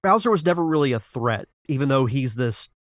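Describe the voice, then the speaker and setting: A man's voice: mid-range voice, lively intonation, brisk, a bit bright, no echo. Casual podcast co-host, man, dry close mic. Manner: earnest, talks in restarts, reasoning aloud. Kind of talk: casual chat about games and movies.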